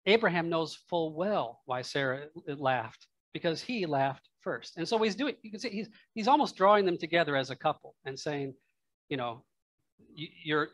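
Conversational Midwestern pastor preaching. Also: male voice, a little high, bright, forceful tone, no room sound. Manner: conversational, musing aloud with asides and laughs. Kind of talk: sermon. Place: church.

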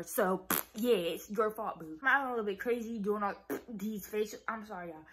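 A teenage girl vlogging to her viewers, animated and exasperated, scolding her younger sister. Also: medium pitch, moderate pace, few pauses, slightly rough. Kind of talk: casual vlog talk to viewers.

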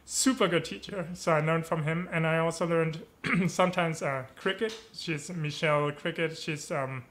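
A man's voice: a little high, normal speed. A young man from Germany, a guest in a casual interview, telling stories animatedly. He acts out quoted dialogue and keeps adding "you know" and "right". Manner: animated storyteller who acts out quoted dialogue with lively voice shifts. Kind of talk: casual storytelling conversation.

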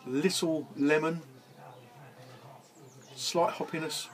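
A man's voice: on the high side, steady tone, slow pace. Chatty man reviewing beer. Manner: chatty, rambling, easygoing. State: tired after gardening. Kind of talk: casual beer review vlog. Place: indoors, with garden party music outside. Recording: faint music in the background. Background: music from back garden.

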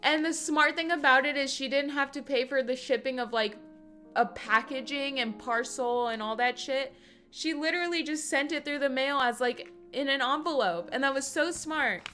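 A young woman with a high, light voice talks casually to her live stream chat. She gushes effusively and lets the odd swear word slip. Faint music plays underneath. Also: moderate pace, sharp tone.

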